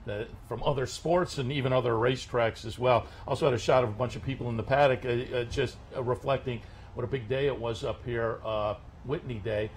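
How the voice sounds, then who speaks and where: Relaxed male radio host, faint background hum. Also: mid-range voice, fairly quick. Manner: relaxed, frequent fillers and restarts. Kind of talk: casual radio chat.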